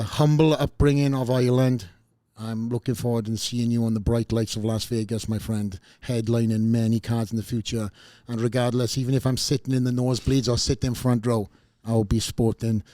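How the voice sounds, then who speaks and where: Guy hosting a podcast, jokey and rambly, medium pitch, super dry studio mic. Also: no room sound. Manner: joking, rambling, warm sign-offs with fillers. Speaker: podcast host. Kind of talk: casual podcast chat.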